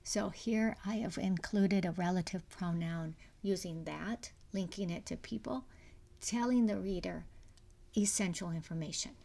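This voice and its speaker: A woman's voice: lowish voice, measured pace, creaky, dark tone. A middle-aged woman giving a recorded university lecture, explaining step by step with many fillers and restarts. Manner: explanatory, frequent fillers and restarts, sometimes drops to a whisper. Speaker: university English instructor.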